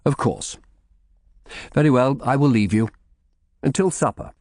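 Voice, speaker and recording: A man's voice: mid-range voice, a little slow, a little mellow, no room sound, clean studio sound, pitched above the performer's own voice, natural voice. A man voicing a shrewd middle-aged lawyer who speaks firmly and asks probing questions.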